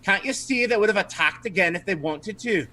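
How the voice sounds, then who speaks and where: A man's voice: high voice, animated, brisk, bright, forceful tone, pitched above the performer's own voice. A man voicing a fussy, scolding older woman fretting over her planter.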